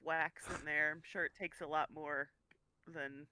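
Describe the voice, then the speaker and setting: A man's voice: a little high, flat delivery, measured pace, a crowd in the background. A man playing in a tabletop game, joking casually. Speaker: player.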